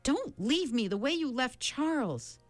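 A woman's voice: big pitch swings, unhurried, no room sound, soft background music. A woman doing a terrified young girl. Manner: high, pleading, tearful. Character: frightened young girl, crying for help.

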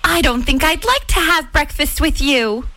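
A woman voicing a young female blue jay who talks in a squeaky, pouty, dismissive way. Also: expressive, normal speed, sharp tone, a little hiss or hum, exaggerated voice, rough recording. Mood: haughty.

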